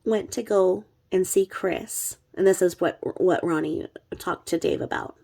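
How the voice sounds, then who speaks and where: A woman's voice: fairly low pitch, unhurried, gravelly, mellow. A woman who is sick with covid, talking in a chatty, blunt, rambling way and swearing freely. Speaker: true crime commentary host. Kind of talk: casual rambling commentary.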